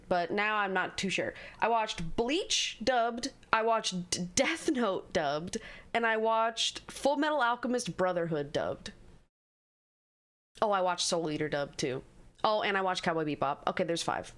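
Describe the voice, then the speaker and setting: A young woman streamer rants about what she's watching, blunt and full of swearing. Her voice sits high and swings widely, and she takes her time between words. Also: a bit bright. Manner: blunt, profane, ranting and exasperated. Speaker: streamer reacting to a game show. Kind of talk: livestream reaction rant.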